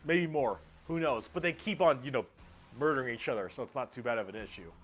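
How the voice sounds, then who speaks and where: A man's voice: mid-range voice, expressive, fast talker, fairly bright tone, faint music behind. A man explaining lore casually, loose and jokey with offhand swearing. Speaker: lore explainer in a played video.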